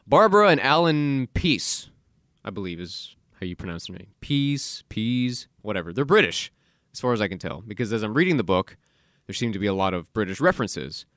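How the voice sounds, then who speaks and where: Animated podcast host man, dry studio. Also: fairly low pitch, brisk, no echo. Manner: animated, sarcastic, rants and mock-quotes people. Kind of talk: casual solo podcast monologue. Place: recording studio.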